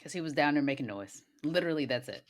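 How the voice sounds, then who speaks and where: A woman co-hosting a podcast, chiming in with quick reactions and short comments during a casual movie recap. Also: deep voice, expressive. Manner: chimes in with short agreeing remarks and quick reactions. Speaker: podcast co-host.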